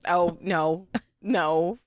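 A woman co-hosting a casual podcast, sarcastic and quick to laugh, swearing casually as she banters at a friend's house. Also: lowish voice, steady tone, dry recording, studio quality. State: sensitive stomach. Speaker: podcast co-host. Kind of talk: casual chat.

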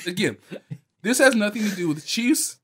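A man co-hosting a casual sports podcast, telling stories in an animated, laughing way. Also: high-pitched, normal speed. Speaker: podcast co-host.

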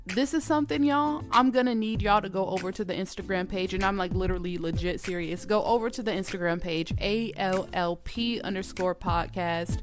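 A woman hosts a podcast and tells a personal story in casual, profane talk. She gets animated and heated, and her voice sits at a middle pitch. Faint music plays underneath. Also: brisk, hardly any pauses. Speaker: podcast host.

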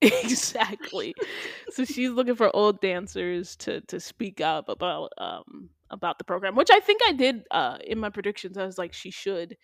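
A young woman on her podcast chats casually about a TV episode, recapping it with animated, playful delivery and plenty of slang. Her voice is gravelly, medium in pitch, and moderately paced, recorded with clean studio sound and no echo.

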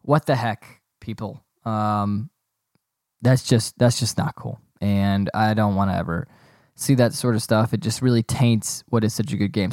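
A young man talks straight into a close mic in a dry, deadened room, his voice sitting at an ordinary middle pitch. He rambles through a casual solo podcast rant, sarcastic and full of restarts. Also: darkish tone, dry recording. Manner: rambling, sarcastic, breaks into giggling fits. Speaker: podcast host.

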